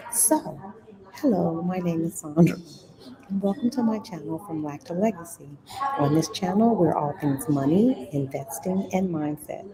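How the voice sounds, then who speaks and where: A woman hosting a casual live-stream chat about money from a busy store, talking in a chatty way and sometimes dropping to a whisper. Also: lowish voice. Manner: chatty, drops to a whisper at times. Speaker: host of a money and investing channel. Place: inside a busy computer store. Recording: noisy store background. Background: store ambience and chatter.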